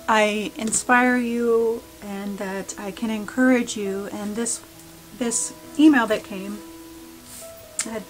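A woman art vlogger talking casually and earnestly about her project, with many pauses and "um"s. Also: a little high, low-quality recording. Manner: warm, earnest, many "um"s, gets emotional. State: a little emotional. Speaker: mixed-media art vlogger. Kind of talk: casual art tutorial and heartfelt talk.

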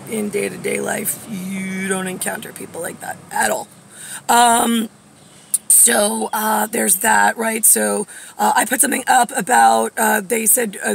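A woman's voice: medium pitch, vocal fry, slight background noise. A woman in her forties talking straight to camera in a rambling personal monologue, wandering off topic with lots of fillers and getting heated enough to swear. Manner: digressive, many fillers, grows heated and swears. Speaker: vlogger.

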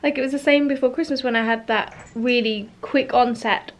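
A woman's voice: a little high, steady tone, a little fast. A young woman from the UK talking to camera in a casual personal vlog, tired and sore from back spasms, chatty and rambling with lots of ums and small laughs. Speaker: vlogger.

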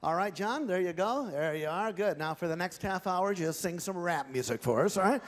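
A man's voice: high-pitched, expressive, moderate pace, in a large hall. A male ventriloquist on a large theatre stage, doing genial live comedy patter and teasing audience volunteers.

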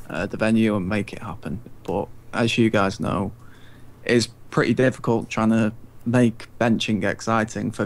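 A man appearing as a guest in a live Q&A, explaining things in a relaxed, easygoing way. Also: lowish voice, creaky. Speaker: guest, forum representative. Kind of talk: casual live Q&A chat.

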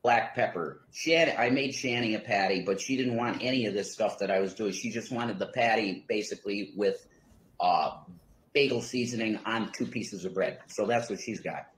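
Rambling man in an echoey kitchen. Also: on the low side. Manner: rambling, halting, with many fillers and restarts. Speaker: home cook in a cooking video. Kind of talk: casual cooking demonstration. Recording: echoey room.

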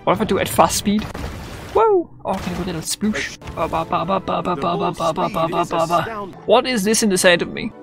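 A young man giving goofy, excitable let's-play commentary, swearing freely and chatting to the characters on screen. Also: high-pitched, a little fast, vocal fry, over music. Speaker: gamer.

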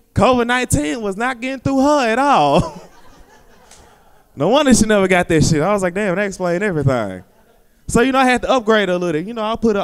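A man with a high, smooth voice working a stand-up set on a theater stage. He rambles loosely, packing his lines with fillers. The crowd laughs now and then behind him. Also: big-room sound. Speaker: stand-up comedian. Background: audience laughter.

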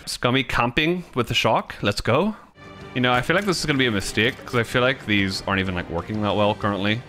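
A young man giving casual, excitable commentary over his own gameplay, laughing and swearing, sometimes slipping into mock sportscaster play-by-play. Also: mid-range voice, quick pace, soft background music. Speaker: gaming YouTuber.

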